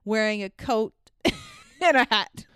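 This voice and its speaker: A woman's voice: fairly high pitch, takes it slowly, a bit bright, clear, resonant tone, no echo. Laughing young woman recapping a film. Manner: laughs often, acts out characters' lines. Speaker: podcast co-host. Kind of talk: casual movie-recap chat.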